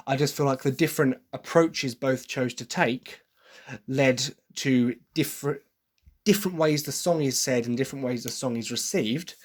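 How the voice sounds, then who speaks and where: A young man hosting a solo podcast, talking through his opinions in an enthusiastic, rambling way. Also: mid-range voice. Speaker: podcast host.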